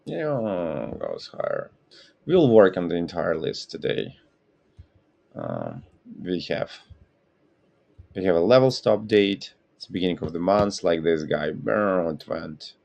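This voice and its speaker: Male host, very low and gravelly, slow rambling live commentary, keeps correcting himself. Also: sing-song, darkish tone. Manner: rambling, self-correcting, apologetic. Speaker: trading stream host. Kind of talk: casual live market commentary.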